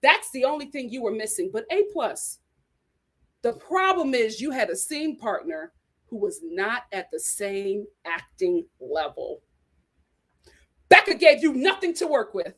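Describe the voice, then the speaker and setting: Animated, high-pitched woman reviewing reality TV. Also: a little slow, husky. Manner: sassy, dramatic, laughs a lot. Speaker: reality TV review show host. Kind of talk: animated live review chat.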